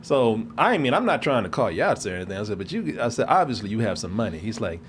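A man's voice: lowish voice, quick pace, a little hiss or hum. A man from Texas, a show host, telling a story in casual chat and acting out the people in it. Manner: animated, acts out the people in his story.

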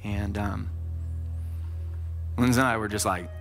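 A man's voice: fairly low pitch, steady tone, measured pace, gravelly, fairly bright tone, soft background music. A man preaching a sermon, telling a personal story in a casual, conversational way with lots of filler words.

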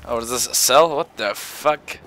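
A man's voice: mid-range voice, moderate pace, noisy background. A man giving casual gameplay commentary in a put-on genteel accent, full of startled exclamations. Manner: jumpy, frequent startled exclamations; putting on a mock-genteel accent. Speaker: gaming commentator.

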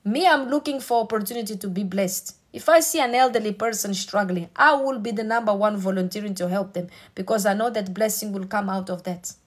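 A woman's voice: mid-range voice, brisk, few pauses. Woman, preacher, sermon, emphatic, repetitive.

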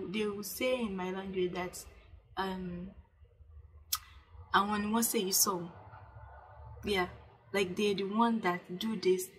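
A young woman talks straight to camera, giving earnest self-care advice in a loose, chatty way. She circles back and repeats herself, full of "like" and restarts, and urges listeners to say things out loud. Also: medium pitch, rough recording. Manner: coaching, urges viewers to speak aloud. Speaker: vlogger. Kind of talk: casual self-help talk to camera.

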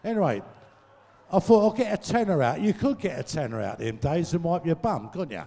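A man's voice: fairly high pitch, lively intonation, brisk, gravelly, dark tone. Older man telling bawdy stories in an echoey hall. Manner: earthy, swearing, laughs at his own jokes. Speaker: guest storyteller. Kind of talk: comic stage anecdotes. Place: large venue, live audience show.

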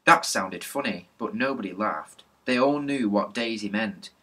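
Guy reading a kids' book out loud, lively, bright tone with a rough husky edge. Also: on the low side, a little slow. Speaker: narrator reading a children's book. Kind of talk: storybook reading aloud.

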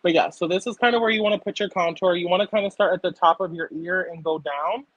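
A young woman chatting casually as she walks through a makeup tutorial on camera, full of fillers and quick to burst out laughing. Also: lowish voice, dry recording, lo-fi sound. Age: young adult. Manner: chatty, filler-heavy, breaks into loud laughter. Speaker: makeup artist guest. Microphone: laptop or phone camera.

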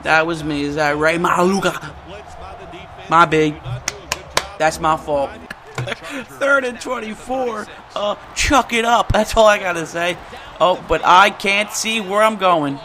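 A young man commentating his own football video game play, getting hyped and shouting at big plays. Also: high voice, slow pace. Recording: music playing behind the voice.

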